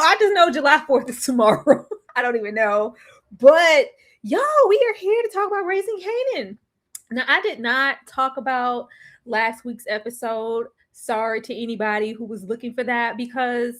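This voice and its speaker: A young woman chats casually to her live audience, laughing often and drawing out her phrases. Her voice sits high and swings widely in pitch, bouncing up with every joke. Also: expressive, a little fast. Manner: chatty, laughs often, drawls phrases, slips into playful quoted voices. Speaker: TV recap vlogger.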